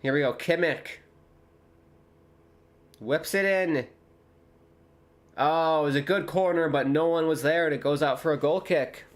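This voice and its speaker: A man hosting a live football watchalong from home, calling the action casually, joking and reading viewer comments aloud, loud and excited at near misses. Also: a little high, a little slow, pauses often. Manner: chatty, jokey, reads viewer comments aloud, gets loud at chances. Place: home with dogs nearby.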